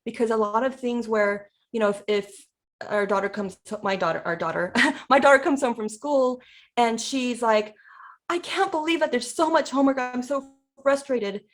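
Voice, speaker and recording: A woman's voice: on the high side, normal speed. A woman who is a parent and educator, talking through ideas in a casual presentation, often acting out what people say.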